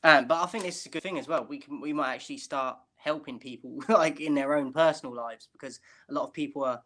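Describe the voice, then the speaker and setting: A man's voice: mid-range voice, fast talker, fairly bright tone. A British man co-hosting a casual chat over a video call, rambling and asking "do you know what I mean". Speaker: podcast co-host.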